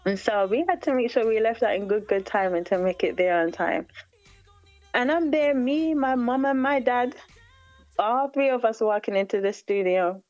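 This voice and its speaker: Woman, Jamaican accent, interview guest, animated storyteller, slightly high voice, faint music behind. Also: moderate pace, muffled recording. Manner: animated, acts out other people's lines, laughs often. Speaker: guest singer-songwriter.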